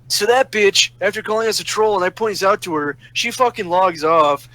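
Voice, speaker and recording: Man, fairly high voice, casual rant, sarcastic and profane. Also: normal speed, hardly any pauses, sharp tone, low-quality recording. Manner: profane, sarcastic ranting that flares up angry. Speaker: storyteller ranting about a roleplay server. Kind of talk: casual ranting monologue.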